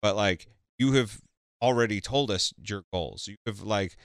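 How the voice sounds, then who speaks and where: A man interviewing a guest in a casual chat, halting and stumbling over his words. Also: lowish voice, smooth, no echo, clean studio sound.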